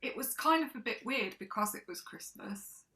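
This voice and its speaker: A woman's voice: on the high side, animated, moderate pace, bright, forceful tone, low-quality recording. A woman co-hosting a casual chat, laughing often and trailing off mid-sentence. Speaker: co-host.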